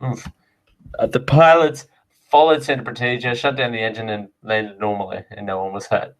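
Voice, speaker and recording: A man's voice: lowish voice, steady tone, moderate pace, poor audio. A man hosting a live show, reading items out and drifting into chatty, rambling asides. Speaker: host. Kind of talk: live show casual chat.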